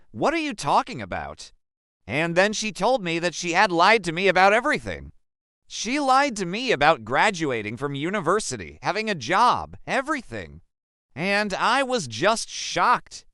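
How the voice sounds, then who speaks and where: A young man from Africa narrating a personal story in the first person, slow and emphatic. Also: high-pitched, bright, forceful tone, no echo, clean studio sound. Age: young adult.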